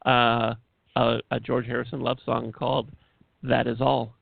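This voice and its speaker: A man's voice: medium pitch, completely flat delivery, unhurried, creaky, dry recording. A man co-hosting a casual radio talk show, easygoing with dry humor and hesitant ums. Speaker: co-host. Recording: dry, tinny phone line.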